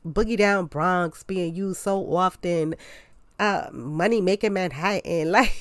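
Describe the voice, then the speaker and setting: A woman talks through a casual movie review, a little stuffed-up from a cold. Her voice sits on the low side for a woman, chatty and expressive, and she leans on "like" as she goes. The sound is dry and close, with no room echo. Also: measured pace. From New York. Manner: chatty and expressive, leans on "like", jumps up in pitch for emphasis.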